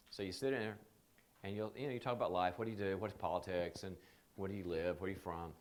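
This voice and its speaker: A man leading a leadership training seminar, telling animated stories and acting out the people he quotes. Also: low-pitched, fast talker. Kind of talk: seminar talk.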